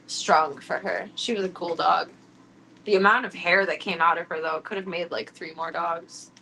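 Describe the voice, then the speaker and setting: This is a young woman chatting casually on a stream from her home kitchen. Her voice is bright and clear. She rambles from thought to thought and leans heavily on filler words. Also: mid-range voice, a little hiss or hum, low-quality recording. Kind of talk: casual chat.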